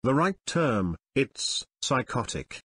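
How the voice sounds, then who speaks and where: Casting: man voicing plotting chef owner, flat amateur read, dry close sound. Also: medium pitch, slow pace, husky, no echo, full character voice. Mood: scheming. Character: scheming male restaurant owner chef.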